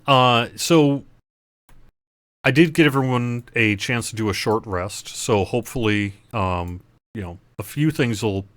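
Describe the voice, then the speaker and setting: A man's voice: mid-range voice, dry recording. A man acting as game master, narrating a tabletop game over voice chat in a hesitant way with many fillers.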